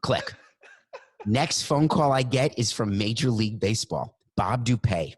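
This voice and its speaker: A middle-aged man on a sports talk show, telling an animated anecdote and acting out the phone calls in it. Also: mid-range voice, a little slow, slightly rough, dry recording. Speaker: guest storyteller.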